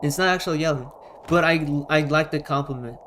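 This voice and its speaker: A man chatting to his viewers during a live game stream. His voice sits a little high and carries loudly, as if pitched to reach a crowd. He talks emphatically and says things twice to drive them home, with a faint hiss of noise behind him. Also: brisk, low-quality recording. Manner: loud, emphatic projecting voice, repeats himself. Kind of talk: casual live-stream talk while gaming.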